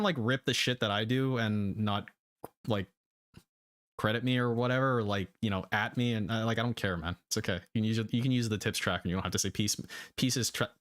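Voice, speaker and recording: Streamer, male, low voice, loose offhand chatter. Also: a bit bright. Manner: rambling, loose, talks over the video. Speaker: streamer reacting to a video. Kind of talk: casual live-stream commentary.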